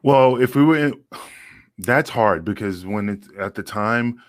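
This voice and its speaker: A man's voice: lowish voice, animated, a little slow, dry recording. A man, a former pro wrestler, telling locker-room stories in a loose, profane way with many fillers and restarts. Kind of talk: casual storytelling.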